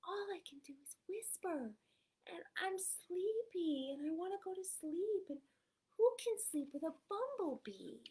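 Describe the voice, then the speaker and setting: A woman's voice: very high voice, big pitch swings, unhurried, mellow, pitched above the performer's own voice, heavily acted. A woman voicing a sleepy little male rabbit in whispered role-play, speaking in a drowsy whisper.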